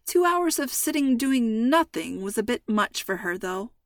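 A woman's voice: on the high side, very animated, measured pace, dry recording. Easygoing middle-aged dad, reassuring, teasing, woman reading the part, dry close sound. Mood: playful. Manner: reassuring, playful. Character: calm joking father, middle-aged man.

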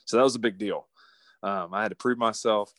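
A man from West Virginia, telling a hunting story in an animated, folksy way with frequent laughs. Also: lowish voice, fairly quick, no room sound. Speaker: guest. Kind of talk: casual storytelling.

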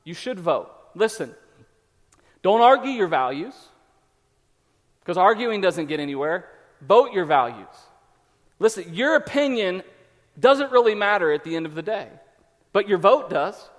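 Man, pastor, high voice, conversational sermon, reverberant hall. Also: big pitch swings, unhurried, pauses often. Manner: conversational preaching with acted-out quotes.

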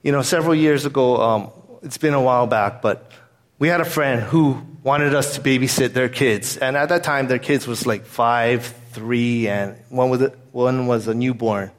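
A man's voice: mid-range voice, normal speed. A man pastor giving a sermon in an earnest, conversational way, weaving in a personal story.

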